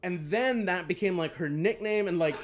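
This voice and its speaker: A man in his thirties with a notably high voice chats loosely on a comedy podcast. He rambles through stories and laughs often as he goes. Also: normal speed, a little hiss or hum. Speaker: guest comedian. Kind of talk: casual chat.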